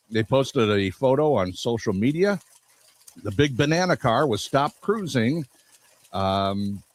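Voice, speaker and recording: Low-voiced chatty male radio host. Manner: chatty, rambling, chuckles through stories. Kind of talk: casual morning-show banter.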